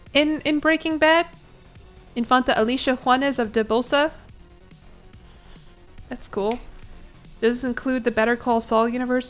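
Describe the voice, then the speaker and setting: Woman streamer w a kinda high voice just chatting w chat while she plays, giggly asides, faint music under it. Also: fairly bright tone. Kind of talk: casual live game stream chat.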